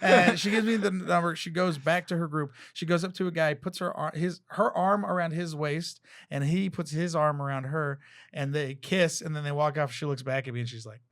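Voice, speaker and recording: A man with a fairly high, bright voice spins loose, profane stories in a casual chat. He laughs through his own punchlines as a guest comedian on a talk show. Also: normal speed. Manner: animated, profane anecdotes with laughing asides.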